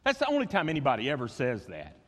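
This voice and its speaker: A man's voice: mid-range voice, huge pitch swings, fast talker. A man preaching a sermon, acting out voices and repeating words as he goes. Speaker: pastor. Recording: long reverb of a church hall.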